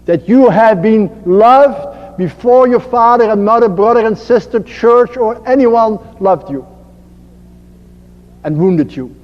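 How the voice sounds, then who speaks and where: A man with a Dutch accent giving an earnest spiritual talk as a priest, slow and emphatic, repeating his phrases. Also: high voice, animated. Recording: muffled archival recording in a reverberant hall.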